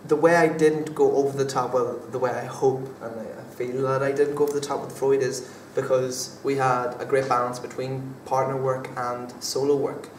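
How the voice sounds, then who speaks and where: Heard from a distance in an echoey room with a little background noise, a young drama student fields interview questions in a relaxed, halting way, stumbling through fillers and restarts. His mid-range voice barely moves in pitch, running at normal speed with few pauses.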